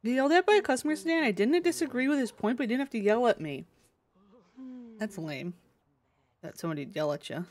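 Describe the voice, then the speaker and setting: A woman's voice: fairly high pitch, animated, fast, long pauses, darkish tone. Playful woman streamer chatting casually. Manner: chatty, playful, thinks aloud. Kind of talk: casual live-stream chat while playing a game.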